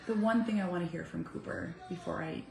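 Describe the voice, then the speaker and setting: A woman in her thirties, a mother talking heartfelt and earnest to her viewers, swinging from soft to emphatic. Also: lowish voice, brisk, creaky. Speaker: vlogger, mother. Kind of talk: heartfelt casual talk to camera. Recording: echoey room with faint music.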